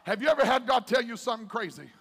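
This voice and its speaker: A male preacher delivering an impassioned sermon, calling out to the congregation and swinging between shouting and hushed passages. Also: extremely high pitch, racing, big-room sound, a little hiss or hum. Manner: calls out to the congregation.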